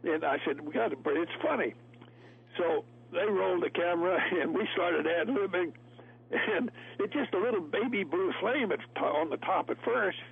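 A man's voice: sits high, expressive, moderate pace, gravelly, husky. A man telling folksy stories as a guest, laughing often. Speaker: actor guest. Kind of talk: storytelling interview. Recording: tinny phone line, radio.

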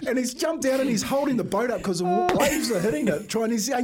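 A man's voice: very high-pitched, fairly quick, hardly any pauses, a loud crowd. A man telling a funny story on breakfast radio, laughing as he goes and acting out the voices. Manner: animated storyteller, laughs often, acts out quotes. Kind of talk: casual radio yarn. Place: radio studio.

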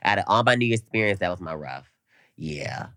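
A young man co-hosting a podcast, telling an animated story in casual chat and swearing freely. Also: low-pitched, a little fast, no echo. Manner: animated storytelling, frequent cursing. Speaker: podcast co-host.

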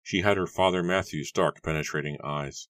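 Very deep-voiced male audiobook narrator. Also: fairly even intonation, normal speed, a bit bright, dry recording.

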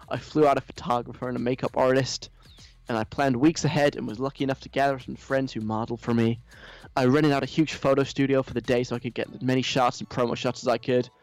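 A man's voice: mid-range voice, no echo, natural voice. A man voicing an entitled, whiny young woman influencer with a put-on American accent, gushing and self-pitying.

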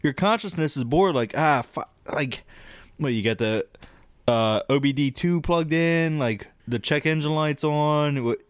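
A man in casual podcast chat, rambling and swearing as he tells an animated story about dreams. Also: on the high side, measured pace, clean tone, dry recording. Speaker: podcast co-host.

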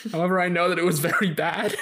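A man's voice: high voice, steady tone, fairly quick, a bit bright, slight background noise. A young man co-hosting a podcast, chatty and self-deprecating, steering the conversation. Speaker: podcast co-host. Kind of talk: casual chat.

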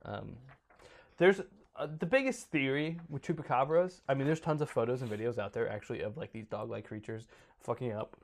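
A man's voice: mid-range voice, brisk, gravelly. A man hosting a podcast, reading notes in a casual, joking way with small stumbles. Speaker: podcast host.

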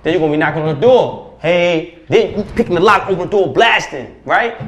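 A man speaking as a podcast guest, preaching forcefully with profanity and rhetorical questions. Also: fairly high pitch, animated, fast talker, dull audio. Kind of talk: impassioned podcast conversation. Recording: roomy echo.

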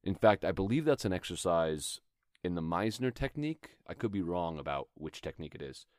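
Very deep-voiced man teaching acting. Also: lively intonation, brisk, a little mellow, no room sound, clean studio sound. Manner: thoughtful, conversational, demonstrates lines aloud. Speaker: acting coach podcast host. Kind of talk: instructional talk.

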